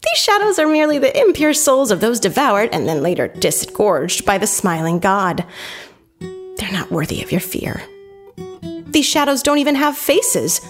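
A woman's voice: mid-range voice, very animated, normal speed, lightly acted. An actress playing a female town mayor who brushes off public fears in a casual, offhand way. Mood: dismissive. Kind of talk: scripted radio drama. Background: faint guitar music.

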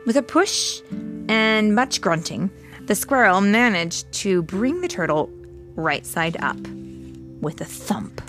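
A woman's voice: medium pitch, faint music behind. A woman reading a storybook aloud to a child, stopping now and then to chat about the story. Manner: slow, animated, stops to chat with the child.

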